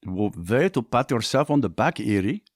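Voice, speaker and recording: An eager young inventor who talks up his ideas with lively, slightly defensive energy, voiced by a male reader. His lines come dry and close in a storybook reading. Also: medium pitch, normal speed, no echo. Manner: excited, a bit defensive. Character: bookish young inventor, eager and mildly testy.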